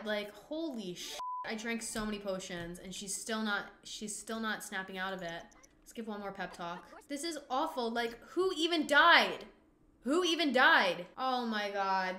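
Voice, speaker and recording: Bright, excitable woman narrating a game. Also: medium pitch, roomy sound. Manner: excitable, dramatic, swears often. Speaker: gaming channel host. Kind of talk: casual gameplay commentary.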